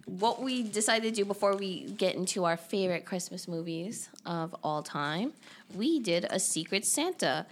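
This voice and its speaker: Woman, podcast co-host, casual and giggly, animated storyteller. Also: mid-range voice, moderate pace. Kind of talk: casual chat.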